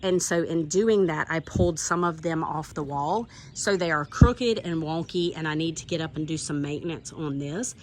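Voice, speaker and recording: A woman's voice: deep voice, moderate pace, hardly any pauses, slight background noise. Chatty Southern woman touring her garden. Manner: chatty and enthusiastic, gushing over plants. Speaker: garden vlogger. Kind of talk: casual garden tour narration. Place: outdoors in a home garden.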